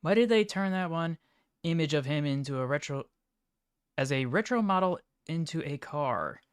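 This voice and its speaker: A man livestreaming, reacting to chat images in an offhand, mumbling way with sudden excited outbursts. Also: on the high side, moderate pace, smooth, dry recording, clean studio sound. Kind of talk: casual live-stream commentary.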